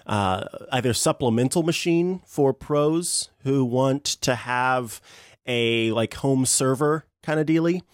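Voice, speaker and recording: A man's voice: medium pitch, takes it slowly, dry recording. Dry, laughing male podcast host. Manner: chatty, laughs often, hesitant fillers. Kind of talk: casual tech podcast chat.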